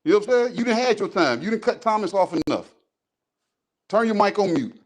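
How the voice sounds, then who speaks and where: A man's voice: high-pitched, a little fast. Heated, profane man arguing sports. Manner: profane, animated, repeats himself. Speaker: podcast co-host.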